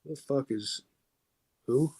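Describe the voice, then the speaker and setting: A man's voice: medium pitch, takes it slowly, darkish tone, breathy edge, no echo. A man co-hosting a casual podcast, blunt and crude in a sarcastic way, and short of breath. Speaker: podcast co-host. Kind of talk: casual chat, gun critique.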